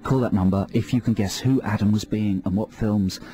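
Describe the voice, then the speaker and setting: A male radio host doing deadpan mock-hypnotist patter with callers, speaking into a studio microphone. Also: lowish voice, fairly quick, soft background music. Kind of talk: comedy radio banter.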